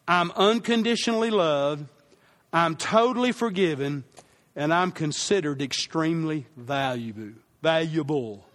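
A male pastor delivers a sermon in a fairly high voice, unhurried and deliberate. He repeats his key lines for weight and has the congregation say phrases back with him. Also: fairly bright tone.

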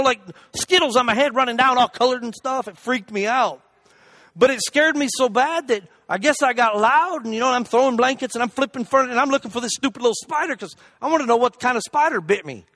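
A man preaching a humorous sermon, telling a story in an animated, jokey way with loud shouted asides. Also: extremely high pitch, fairly quick, creaky, no room sound.

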